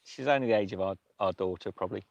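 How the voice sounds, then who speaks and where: A man hosting a livestream, telling a story in a casual, emotional way with many halting restarts. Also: lowish voice, vocal fry, a little mellow, no room sound, lo-fi sound. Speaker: livestream host.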